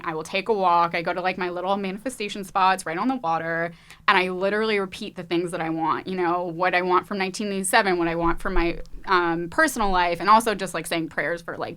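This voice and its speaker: A young woman talks casually as a podcast guest. Her voice sits a little low but comes out bright and forward. She keeps an upbeat, rambling flow full of filler words and easy laughs. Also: clean tone. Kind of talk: casual chat.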